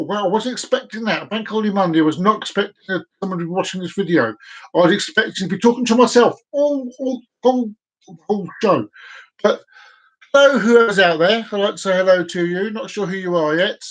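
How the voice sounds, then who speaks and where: A man hosting a casual live stream, rambling and stumbling over words as he tells a long joke. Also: sits high.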